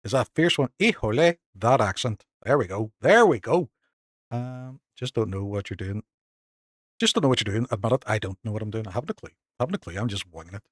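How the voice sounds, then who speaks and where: A Northern Irish man streaming a game live, chatting casually with viewers and thanking them, excitable and self-mocking. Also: fairly low pitch, fast talker, no room sound, clean studio sound. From Northern Ireland.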